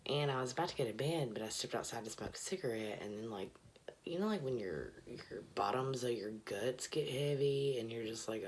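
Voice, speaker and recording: A woman's voice: a bass voice, expressive, fairly quick, a little hiss or hum. A tipsy woman rambling casually and profanely in a bathroom, often dropping to a mutter. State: tipsy, slurring a little. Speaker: vlogger.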